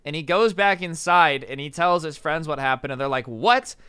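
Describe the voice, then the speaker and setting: A young man telling a story in a casual vlog, rapid and animated, full of "like" and "you know". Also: a little high, smooth, dry recording, studio quality. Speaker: storytime vlogger.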